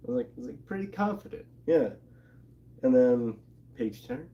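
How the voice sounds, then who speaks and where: A man's voice: normal speed, pauses often. A man casually recapping a comic book with a co-host, animatedly acting out the characters' lines. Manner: animated, acts out quotes in excited higher voices.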